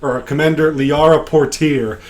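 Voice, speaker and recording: A man voicing a stern female commander of soldiers while recapping a tabletop game, talking in a brisk, commanding way. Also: a little high, steady tone, a little mellow, natural voice.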